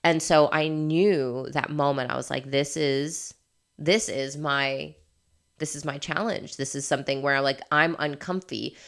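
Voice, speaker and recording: A woman's voice: low-pitched, steady tone, a little slow. A woman coaching in a candid motivational monologue, emphatic and laughing often, swearing freely. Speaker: life coach.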